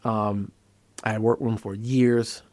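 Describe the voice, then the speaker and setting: A man's voice: fairly low pitch, measured pace, no room sound. A man, a psychiatrist, explaining a treatment in casual conversational talk and telling stories from his practice. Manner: conversational, storytelling, animated when acting out scenes. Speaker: psychiatrist host.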